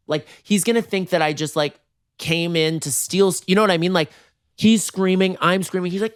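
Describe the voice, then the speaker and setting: A man in his thirties hosting a podcast from his bedroom, telling funny stories in a lively way, jumping into high voices when acting out scenes. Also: a little fast, clean tone, dry recording, clean studio sound. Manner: animated, acts out voices with big jumps in pitch. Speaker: podcast host. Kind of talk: comedic storytelling.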